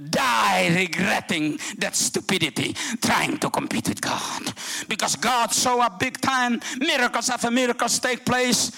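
Fervent high-voiced older male preacher. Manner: fervent, shouting exclamations with wide swings between loud and hushed. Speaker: guest preacher. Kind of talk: sermon.

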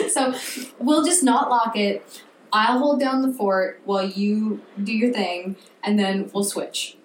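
A woman co-hosting a casual chat, telling stories in a lively way and acting out what people said. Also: mid-range voice, moderate pace. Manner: animated storyteller, acts out quotes. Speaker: podcast co-host. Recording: roomy, from a distance, faint noise.

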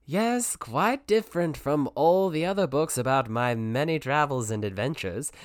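A woman's voice: deep voice, animated, normal speed, no echo, clean studio sound. A woman voicing a vain, self-satisfied male celebrity wizard author in a comedy sketch ad. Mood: smug. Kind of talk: comedic parody ad in a game.

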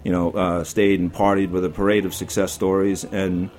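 A man's voice: sits low, little pitch movement, moderate pace, a little mellow. A middle-aged man with a Brooklyn accent, a chef talking bluntly and profanely with lots of "you know"s. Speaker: chef guest. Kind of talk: casual chat.

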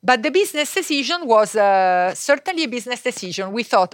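A woman's voice: fairly high pitch, big pitch swings, fairly quick, no echo, studio quality. Hesitant woman with an Italian accent. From Italy. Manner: hesitant, many filler sounds, searching for words. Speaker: guest, fabric company co-owner. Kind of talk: podcast interview answers.

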